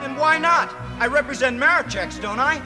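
A man's voice: very high-pitched, expressive, normal speed, over music. A cocky young shop errand boy. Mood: perky. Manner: perky, boastful. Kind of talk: musical cast recording. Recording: reverberant cast album over orchestra.

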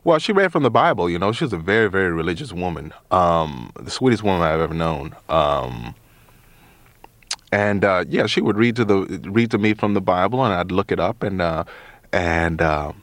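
Deep-voiced man, thoughtful radio guest. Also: animated, no room sound. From Chicago, USA. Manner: thoughtful, measured, pauses often with ums. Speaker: actor and interview guest. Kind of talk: radio interview. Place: radio studio. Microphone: studio mic.

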